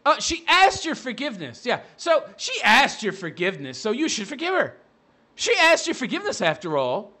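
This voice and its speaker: A man's voice: very high-pitched, wildly swooping pitch, normal speed, bright, forceful tone. A man giving a profane, sarcastic rant as a commentary vlogger, mocking the person he is reacting to.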